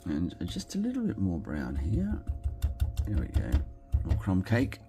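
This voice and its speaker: An Australian man talking casually as he makes a card, thinking aloud and quietly murmuring approval at his work. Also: low voice, wildly swooping pitch, measured pace, creaky, faint music behind. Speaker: card-making crafter. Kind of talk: casual commentary while crafting.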